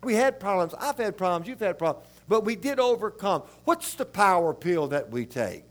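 An older man from South Louisiana with its accent, preaching a sermon in a rambling, folksy, animated way. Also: sits high, normal speed.

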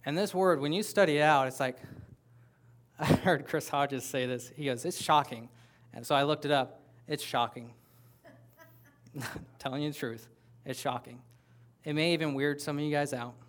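A man's voice: on the high side, fairly quick. A man preaching a sermon as pastor, talking conversationally with playful asides to the congregation. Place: church sanctuary with a congregation.

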